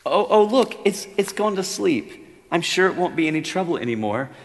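A man voicing a frightened male ghost who whines and pleads in a high voice. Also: very animated, a little fast, big-room sound. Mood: nervous. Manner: whiny, panicky, pleading.

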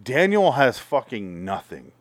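A man's voice: mid-range voice, sing-song, a little slow, crowd noise. A man in casual podcast chat, wryly critiquing a film's pacing.

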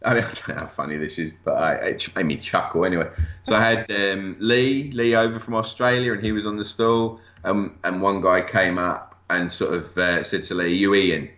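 A man's voice: low-pitched, steady tone, a bit bright. A man, chatting as an interview guest, hesitant and full of restarts. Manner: halting, many restarts and fillers. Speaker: guest collector. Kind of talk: casual interview chat. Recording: lo-fi echoey room.

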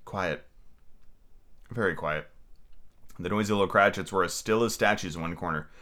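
A male podcast host chats about films in a loose, relaxed way and swears casually. He also reads a classic story aloud at an easy pace. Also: deep voice, normal speed. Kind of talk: casual review chat and storybook reading.

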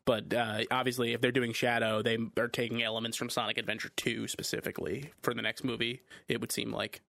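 A man's voice: mid-range voice, little pitch movement, brisk, gravelly, bright, forceful tone, no room sound. A man co-hosting a podcast, chatting casually with a wry, dry sense of humor. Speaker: podcast co-host. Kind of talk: casual chat.

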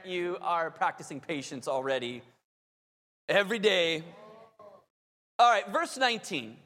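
A man's voice: sits high, sharp tone. A man who is a pastor, preaching an emphatic, conversational sermon with asides to the congregation. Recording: long reverb of a large hall.

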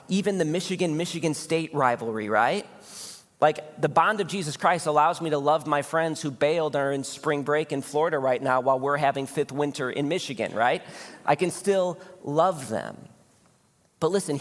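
A man's voice: a little high, fairly bright tone, long reverb tail. A man preaching a sermon as a pastor, in an earnest, conversational way full of rhetorical questions. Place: church sanctuary.

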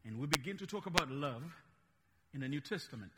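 A man from Uganda with a Ugandan accent and Luganda as his first language, preaching a slow, emphatic, playful sermon in a church. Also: medium pitch, animated, long reverb tail, heavy background noise. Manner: slow, emphatic, dynamic in loudness, playful teasing.

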